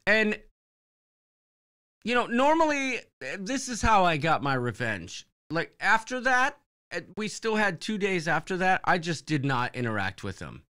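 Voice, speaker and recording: A male podcast co-host with a high voice speaks a little slowly, and the recording tone is clean. His casual live-stream storytelling is rambling and animated, with him acting out the lines people said.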